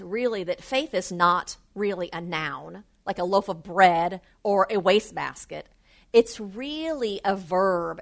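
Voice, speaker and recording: A woman giving an earnest, animated spiritual talk to a live audience. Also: mid-range voice. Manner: earnest, animated, varied emphasis. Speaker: spiritual speaker.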